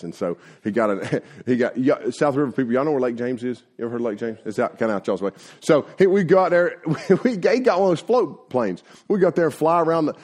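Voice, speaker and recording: A man preaching a sermon to young people, telling homespun stories in a folksy, animated way full of filler words. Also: medium pitch. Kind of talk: sermon with personal storytelling.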